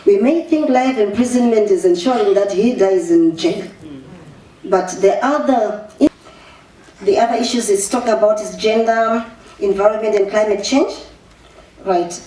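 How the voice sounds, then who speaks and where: A Zimbabwean woman official giving an animated public speech, mixing English with Shona and restarting her sentences often. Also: medium pitch, normal speed. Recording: echoey room, voice far from the mic, faint ambience.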